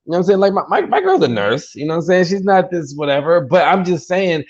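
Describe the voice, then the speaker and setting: A man's voice: high voice, big pitch swings, fast talker, hardly any pauses. A man hosting a casual podcast chat, joking around and often stammering and repeating words. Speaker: podcast host. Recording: dull lo-fi sound.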